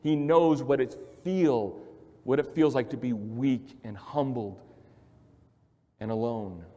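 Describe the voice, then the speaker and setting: A male pastor preaching a sermon in an emphatic, repetitive way, swinging from quiet to loud. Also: mid-range voice, slow, muffled recording. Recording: long hall reverb.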